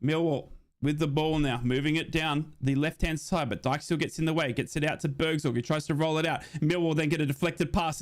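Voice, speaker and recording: An excitable man streams a football watch-along with live commentary, his pitch jumping up in the key moments. Between the action he reads viewer comments out loud and answers them.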